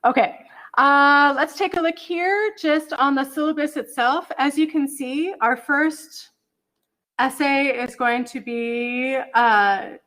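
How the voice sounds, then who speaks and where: A middle-aged woman takes it slowly in a high, slightly bright voice. Over a computer mic on a video call she teaches an online college English class, chatting and apologizing, humming away as she hunts for files.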